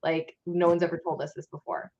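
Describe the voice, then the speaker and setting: A woman's voice: deep voice, a little fast, vocal fry, lo-fi sound. A woman in a casual chat, telling a story with lots of laughter and filler words. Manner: animated, laughing, many "like" fillers. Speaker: guest cosplayer.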